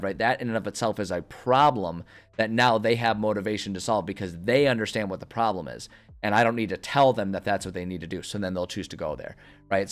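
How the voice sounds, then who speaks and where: A streamer thinking aloud in casual chat as he plans a story, rambling with many fillers and restarts. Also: on the low side. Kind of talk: casual livestream chat about story planning.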